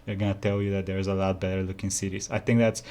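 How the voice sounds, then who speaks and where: A man's voice: deep voice, little pitch movement, fast, dark tone. A young man from Bulgaria, hosting a casual reaction video and talking bluntly, with frequent swearing. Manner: blunt, swears often, easily annoyed.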